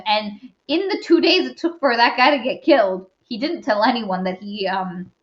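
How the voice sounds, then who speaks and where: A woman's voice: fairly high pitch, lively intonation, moderate pace, hardly any pauses. A woman co-hosting a podcast, casually retelling a book's plot in a rambling way, full of fillers and asides. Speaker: podcast co-host. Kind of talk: casual book-review chat. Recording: roomy dull lo-fi recording.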